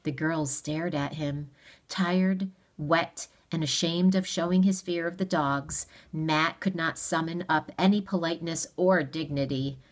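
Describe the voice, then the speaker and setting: A woman reading a novel aloud in a steady, measured storytelling manner. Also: low voice. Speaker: audiobook reader. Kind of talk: read-aloud narration of a novel.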